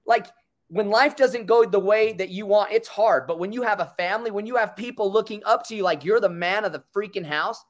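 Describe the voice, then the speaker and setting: A man's voice: high voice, brisk. Earnest man telling a hard personal story. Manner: earnest, fillers like dude and bro. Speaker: co-host.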